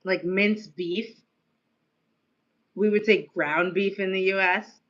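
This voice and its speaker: American woman, casual streamer, hint of Australian lilt, rambling and filler-heavy, bright tone. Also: medium pitch, fairly even intonation, slow pace, highs cut off. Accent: American, slightly Australian-tinged. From United States. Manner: chatty, rambling, lots of "like" and laughing asides. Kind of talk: casual live-stream chat.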